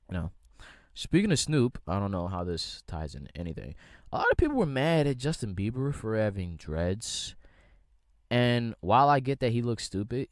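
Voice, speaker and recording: Lively, profane young man ranting. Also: lowish voice, no room sound, clean studio sound. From United States. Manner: profane, rambling, slangy. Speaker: podcast host. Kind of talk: casual solo rant.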